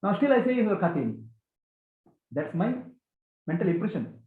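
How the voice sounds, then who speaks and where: Man, spiritual teacher, high lively voice, echoey tinny recording. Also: normal speed. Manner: animated, questioning, repeats key phrases. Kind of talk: question-and-answer spiritual talk. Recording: echoey, tinny phone-like sound.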